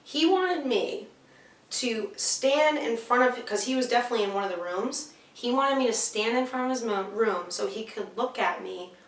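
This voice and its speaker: A woman's voice: on the high side, expressive, normal speed, recorded from a distance. A young woman telling a story in a candid vlog, swearing often and getting worked up. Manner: candid, swears often, rising to frustrated outbursts. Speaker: vlogger. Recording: roomy sound, a bit away from the mic.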